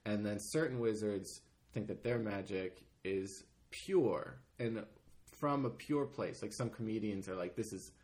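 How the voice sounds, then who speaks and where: A man's voice: on the low side, unhurried, darkish tone. A man hosting a casual podcast, talking loosely and rambling, with plenty of swearing. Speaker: podcast host.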